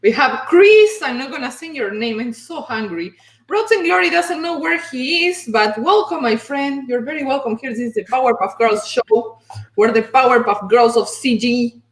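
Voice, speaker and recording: A woman's voice: sits high, animated, moderate pace. A woman hosting a casual livestream chat, effusive and chatty as she greets viewers. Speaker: host. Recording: roomy echo.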